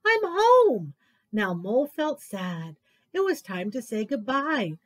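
A woman librarian reading picture books aloud to children at story time, expressive and sing-song. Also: mid-range voice, a little slow.

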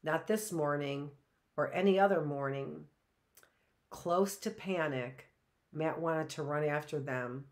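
A woman teacher reading a children's story aloud, slow and deliberate. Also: sits low.

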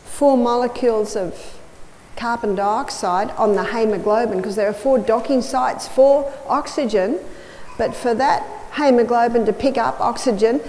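A woman's voice: a little high, normal speed, warm tone. A woman giving a health lecture to an audience, explaining step by step and telling stories with emphatic repetition. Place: large hall or church. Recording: reverberant hall with faint noise.

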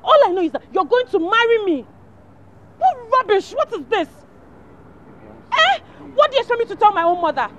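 An actress playing a furious young fiancée who rants and threatens. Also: female voice, very high-pitched, very animated, a little fast, long pauses, exaggerated voice. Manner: shouting, threatening. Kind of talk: film drama.

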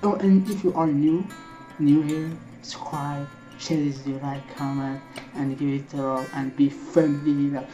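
A woman's voice: deep voice, steady tone, measured pace, music in the background, poor audio. A woman from Algeria hosting a reaction video, chatting casually in simple, English. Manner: chatty, non-native English with simple phrasing.

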